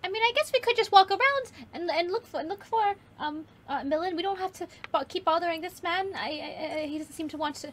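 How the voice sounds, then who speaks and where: A woman's voice: very high voice, fast, few pauses, fairly bright tone. A woman playing in a tabletop game, talking in a hesitant, rambling way. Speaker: player. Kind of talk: tabletop role-play chat.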